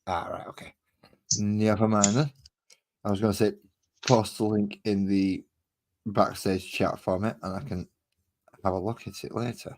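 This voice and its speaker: A man's voice: lowish voice, level tone, normal speed, long pauses, darkish tone. A man hosting a painting stream, chatting casually with easygoing dry asides as he works. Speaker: host of a miniature-painting stream. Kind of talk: casual chat while painting.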